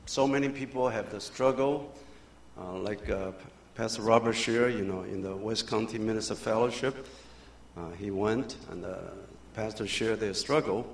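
A man preaching a sermon as a pastor, in non-native English grammar, moving from quiet prayer to loud emphatic bursts. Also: lowish voice, slight background noise. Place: church sanctuary. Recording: echoey church room.

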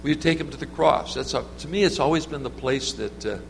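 A man's voice: fairly high pitch, brisk, gravelly. A man preaching an informal sermon, telling stories in a rambling, conversational way with many restarts. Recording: reverberant hall with faint hum.

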